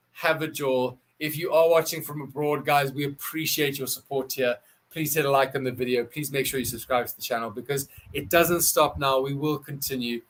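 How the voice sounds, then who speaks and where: Man, South African accent, slightly high pitch, live-stream sports host, excitable, effusive, repeats words.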